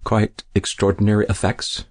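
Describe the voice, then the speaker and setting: A man voicing a nervous young man who asks hesitant, anxious questions, raised a little above his own low voice. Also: monotone, normal speed, darkish tone, lightly acted.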